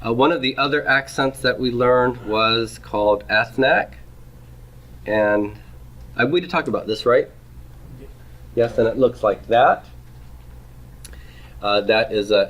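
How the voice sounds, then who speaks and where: In a classroom lecture on Hebrew grammar, a man explains things step by step, repeating and restarting phrases and checking in with frequent "okay?" and "right?". His voice is on the low side with a fairly bright tone.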